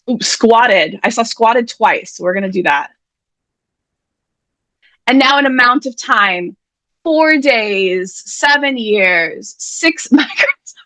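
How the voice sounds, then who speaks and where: A woman's voice: medium pitch, fairly bright tone, dry recording. A woman hosting an online word game on a video call, chatty, playful and self-deprecating as she reads out the players' suggestions. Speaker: host and emcee of an online writers' event. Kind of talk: casual live-stream game hosting.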